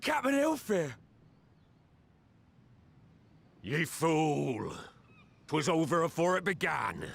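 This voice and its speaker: An actor playing a grizzled old pirate captain in a game cutscene, speaking in a gravelly, rolling pirate manner with booming declarations. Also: male voice, very animated, measured pace, full character voice. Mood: scolding.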